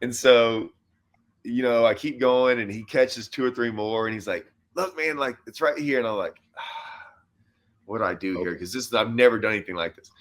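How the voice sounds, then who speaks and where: A man hosting a casual chat as a pro bass angler, telling a long story and acting out quoted lines with animated voices. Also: brisk. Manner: animated storyteller who acts out his own and others' quoted lines. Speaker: host and professional bass angler.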